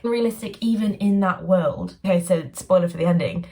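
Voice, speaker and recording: Chatty, sardonic woman, low voice. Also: brisk, mellow, far from the mic. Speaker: BookTuber reviewing books. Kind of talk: casual book review vlog.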